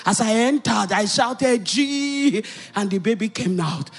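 A middle-aged woman with a Nigerian accent preaches from the pulpit, weaving a personal story into her sermon. She tells it with animated energy, breaking into loud exclamations and rising cries. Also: fairly high pitch, unhurried, slightly rough.

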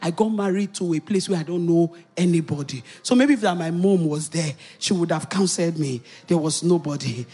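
A middle-aged woman with a Nigerian accent preaches from the pulpit, weaving a personal story into her sermon. She tells it with animated energy, breaking into loud exclamations and rising cries. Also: lowish voice, fairly quick, hardly any pauses, husky.

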